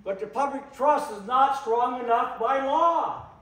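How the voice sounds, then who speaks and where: A man giving an impassioned public talk, slow and emphatic, repeating phrases for weight. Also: very high-pitched, fairly bright tone. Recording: echoey room, voice from a distance.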